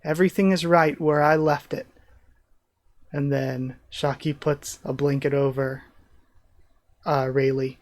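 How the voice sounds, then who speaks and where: A man hosting a live manga reaction, reading panels aloud and commenting excitedly. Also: a little high, measured pace, long pauses. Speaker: reaction channel host.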